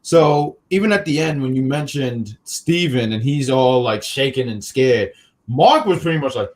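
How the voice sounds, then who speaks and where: A man's voice: medium pitch, expressive, moderate pace. A man co-hosting a casual chat, joking and swearing with mock-outrage rants. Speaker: co-host.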